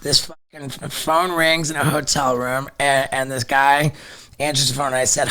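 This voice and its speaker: A middle-aged man telling a story in casual chat, animated, swearing often and restarting his sentences. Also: medium pitch, normal speed, smooth. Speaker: podcast guest.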